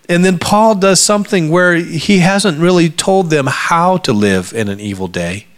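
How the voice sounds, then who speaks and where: A man in middle age preaching to his congregation in a church. He delivers the sermon with humor and animation, swinging from loud bursts to hushed, confiding asides. His voice sits at a middle pitch. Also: expressive, moderate pace, hardly any pauses. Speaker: pastor. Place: church sanctuary before a congregation.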